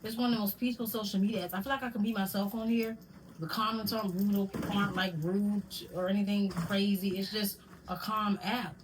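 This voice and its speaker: A woman's voice: medium pitch, fairly even intonation, fairly quick, background noise. A woman chatting casually to her viewers in a vlog at home, rambling and tripping over her words now and then. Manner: addresses viewers with "y'all". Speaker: vlogger. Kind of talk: casual chat to camera. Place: home at night.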